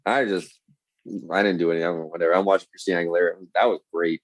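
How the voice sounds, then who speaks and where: A man's voice: sits low, fast, no echo, low-quality recording. A man, a podcast guest telling rambling, profane stories in casual chat. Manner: profane, rambling, animated storyteller.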